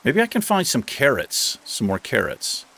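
Gaming host, male, lively up-and-down delivery, rain heard behind him. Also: moderate pace, creaky, husky. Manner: chatty, talks to the game animals, jumps into high excited bursts. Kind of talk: casual let's play commentary.

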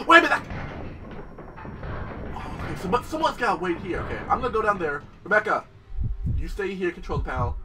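A young man commentating his gameplay, excitable and profane, talking straight to the game and its characters. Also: high-pitched, fairly quick, pauses often, far from the mic, over music. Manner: excitable, swears a lot, talks to the game and its characters. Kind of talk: let's play commentary.

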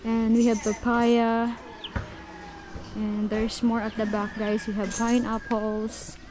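A woman's voice: on the high side, monotone, slow pace. A young woman with a Filipino accent, chatting upbeat to viewers as she tours her mountain farm on a handheld phone. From Philippines. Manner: chatty, upbeat, often addresses viewers as guys. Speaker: vlogger. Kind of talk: casual vlog tour. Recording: noisy outdoor phone recording.

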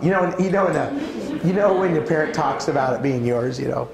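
Animated man preaching in a roomy hall. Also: a little fast, gravelly, a little hiss or hum. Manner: animated, swings pitch widely while acting out stories. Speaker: conference speaker. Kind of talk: preaching talk with personal stories. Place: church auditorium. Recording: roomy church hall sound.

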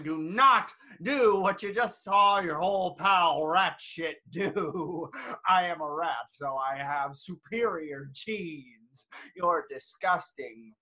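A man playing a filthy, manic male rat who hosts a game show, with hammy, crude delivery and shouted cackling lines in a comedic stage play. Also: high-pitched, heavily acted. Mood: manic warning.

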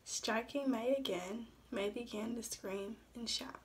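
A woman's voice: on the high side, a little slow. A young adult woman, a student, reading her own story assignment aloud from the page with small stumbles.

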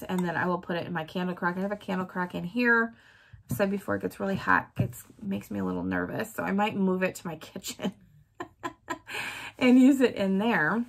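A woman's voice: medium pitch, a bit bright. A woman vlogger chatting casually about her weekly wax melts, listing scent notes and laughing often. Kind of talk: casual product chat.

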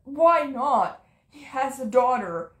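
A woman's voice: high-pitched, lively intonation, slow pace, reverberant. A woman voicing a gloating male zebra mad scientist in an amateur audio drama. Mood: taunting. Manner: smug, taunting.

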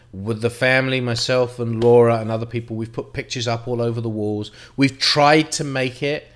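A man's voice: mid-range voice, fairly bright tone. Reflective man telling a hard story. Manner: reflective, halting, with frequent restarts and mild swearing. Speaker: vlogger. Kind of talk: personal storytelling to camera.

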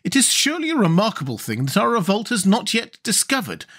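A man reading an audiobook, voicing a brisk and proud young woman who leads a rebel army, with a sharp, commanding manner. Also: sits high, huge pitch swings, pitched above the performer's own voice, heavily acted. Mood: curt.

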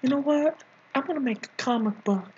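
A video creator's full character voice is very high yet husky and darkish, delivered briskly on lo-fi sound. The man improvises a rant as a bossy, scolding comic nanny, teasing, rambling and whispering without warning.

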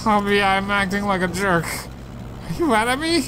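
A man voicing a drunk, clingy young woman cat who keeps apologizing, in a high, sing-song reading of game dialogue. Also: expressive, background noise. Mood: startled. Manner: reads in a high, sing-song voice with drawn-out words.

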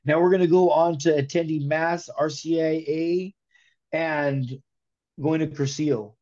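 A man tells his conversion story with animated, slangy energy and keeps it in the present tense. His voice sits fairly high, and the sound is dull and lo-fi. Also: a little slow. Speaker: guest giving a conversion testimony. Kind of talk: emotional testimony in casual chat.

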